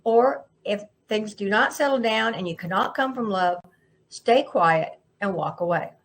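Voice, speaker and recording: A woman's voice: mid-range voice, animated, unhurried. Earnest woman giving an inspirational talk. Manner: earnest, emphatic, repeats phrases. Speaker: spiritual speaker. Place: indoors, seated in a lit room. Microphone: microphone at a camera setup.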